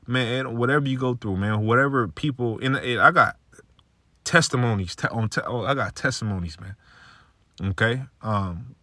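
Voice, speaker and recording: A man's voice: mid-range voice, sharp tone, dry recording. A man giving a casual spoken religious testimony, laid-back and peppering his talk with "man" and "okay". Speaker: religious video maker.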